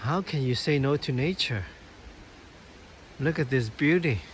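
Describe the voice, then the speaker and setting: Slow-talking awestruck man outdoors. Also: mid-range voice, lively intonation, slight background noise. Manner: awestruck, keeps exclaiming over the view. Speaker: nature vlogger. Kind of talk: casual narration while walking outdoors. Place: outdoors on a hillside trail near a waterfall.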